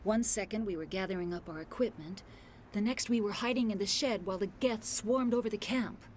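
A woman's voice: medium pitch, fairly quick, slight background noise, close to an everyday voice. A woman voicing a female scientist recounting an attack she survived, in a video game. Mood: shaken. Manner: shaken, earnest.

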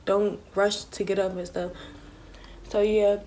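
A young woman vlogger talks straight to her viewers in a get-ready-with-me video filmed on her phone in her bedroom, chatty and full of slang. Her mid-range voice is mellow, with little pitch movement and a measured pace.

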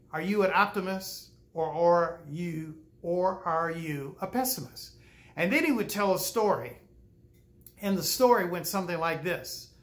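High-voiced older pastor telling a folksy story. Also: male voice, a bit bright. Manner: folksy, with frequent "uh" pauses and acted-out quotes. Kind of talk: storytelling sermon.

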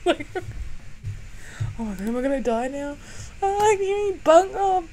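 A woman's voice: sits high, sing-song, normal speed, pauses often, darkish tone. A young woman streaming a game live, chatting away, easily startled and laughing often. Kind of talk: live gaming commentary.

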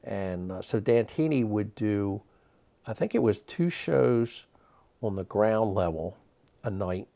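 A man in his sixties, a magic historian, telling stories in an interview, animated and rambling with many fillers and restarts. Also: fairly low pitch, slow pace, creaky. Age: 60s. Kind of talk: interview storytelling.

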